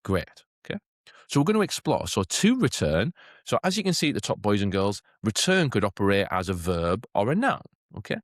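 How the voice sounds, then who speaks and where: A man giving a chatty teacher training talk, often checking in with "okay?" and lifting into a bright classroom voice to demonstrate. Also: on the low side, very animated, fast, few pauses, dry recording, studio quality. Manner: chatty, keeps asking "okay?".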